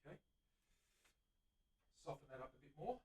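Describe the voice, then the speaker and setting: A man's voice: fairly high pitch, very animated, normal speed, far from the mic, heavy background noise. A middle-aged man with an Australian accent, hosting a live-streamed workshop demonstration and chatting eagerly to viewers while he works. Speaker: luthier host. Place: guitar workshop. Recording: voice from away from the mic.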